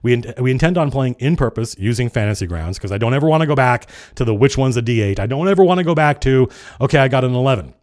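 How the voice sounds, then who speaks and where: A middle-aged man hosting a casual livestream chat, talking fast and acting out the people he quotes, with some swearing. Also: medium pitch. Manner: animated, swearing, acts out quoted players. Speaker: streamer and game designer hosting a live chat.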